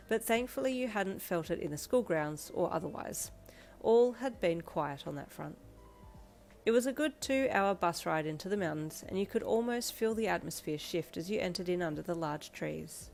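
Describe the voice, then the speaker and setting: A woman reading a second-person fanfiction story aloud in a steady, gentle storytelling manner. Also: fairly low pitch. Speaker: fanfiction reader.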